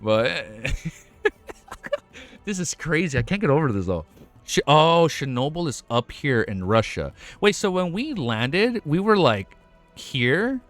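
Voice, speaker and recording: Excitable young man, lively swinging pitch. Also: slow, soft background music. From United States. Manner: excitable, swears a lot, laughs often. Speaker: reaction streamer. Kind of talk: casual reaction commentary.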